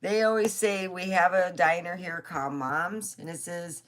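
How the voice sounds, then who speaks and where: Low-voiced woman telling rambling stories. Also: fairly even intonation, moderate pace. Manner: rambling, laughs often, swears casually. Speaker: vlogger. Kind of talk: casual storytelling.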